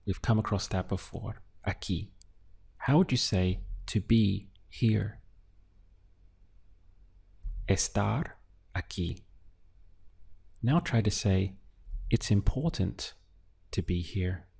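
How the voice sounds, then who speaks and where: A man teaching useful phrases in a slow, clear lesson, giving prompts and then the model answers. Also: lowish voice, darkish tone. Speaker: language teacher. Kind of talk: audio language lesson.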